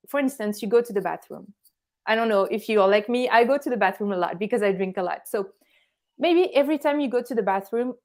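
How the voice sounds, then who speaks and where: Woman calmly teaching presence. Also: fairly high pitch. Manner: calm, instructive, gives everyday examples. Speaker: meditation teacher, guest. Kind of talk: explanatory conversation.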